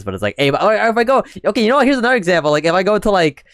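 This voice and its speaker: Candid young man venting, smooth dry voice. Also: high-pitched, big pitch swings, rapid-fire, hardly any pauses, a bit bright, no room sound. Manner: candid and rambling, rising to exasperated rants. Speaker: vlogger. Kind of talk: personal talk to camera.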